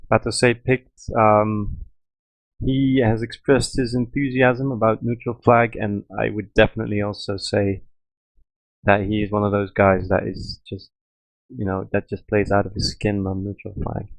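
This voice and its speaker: Lowish flat guy cocommentating a game draft, chill, says you know a lot, dry sound. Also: normal speed, dry recording, low-quality recording. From Europe. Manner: relaxed, easygoing, filler-heavy. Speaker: co-commentator. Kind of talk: casual stream commentary.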